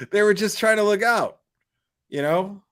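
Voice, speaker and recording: A man with a fairly high voice, talking off the cuff on a live stream. He rants with a lot of swearing and a mocking edge, stringing thoughts together with constant fillers. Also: fairly bright tone. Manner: profane, mocking, lots of "like" and "you know". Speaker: livestream host. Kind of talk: casual live stream rant.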